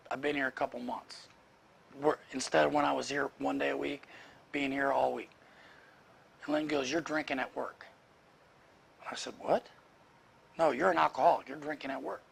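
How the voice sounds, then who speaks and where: A man's voice: medium pitch, vocal fry, a bit bright, husky. A man leading a workplace leadership training session, talking bluntly and firing rhetorical questions at the group.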